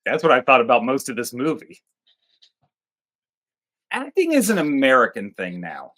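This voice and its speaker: A man's voice: mid-range voice, huge pitch swings, normal speed, a bit bright. A man co-hosting a movie review show in casual chat, cracking crude, profane jokes. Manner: crude, joking, profane banter. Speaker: movie review podcast co-host.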